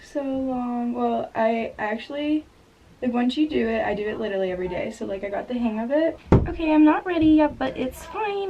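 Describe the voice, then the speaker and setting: Bubbly high-voiced young woman vlogging. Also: normal speed, muffled recording. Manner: bubbly, chatty, laughs often, lots of "like". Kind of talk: casual vlog chat to camera. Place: hotel room and rented house, indoors. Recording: noisy room ambience.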